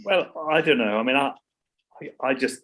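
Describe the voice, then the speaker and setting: A middle-aged man chatting as an interview guest, his voice husky and a little breathy. He rambles, stops and restarts, repeating words as he gathers his thoughts. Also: mid-range voice, expressive, normal speed, a bit bright, low-quality recording. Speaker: songwriter guest. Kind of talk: casual interview chat.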